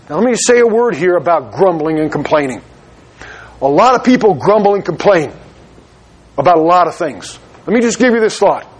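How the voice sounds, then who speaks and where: A man preaching a sermon as pastor of his church, urgent and slowing down for emphasis. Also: high-pitched, husky.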